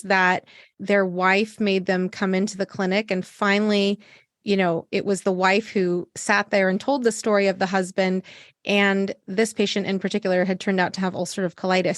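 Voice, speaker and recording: A middle-aged woman, a physician who hosts a podcast, asking questions enthusiastically and jumping up in pitch as she tells stories. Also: no echo, studio quality. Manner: enthusiastic, lively pitch jumps when telling stories. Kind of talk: casual interview talk.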